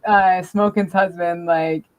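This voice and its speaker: A woman co-hosting a podcast in casual chat, laughing often and breaking into loud exclamations. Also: on the low side, steady tone, slow pace, muffled recording. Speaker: podcast co-host.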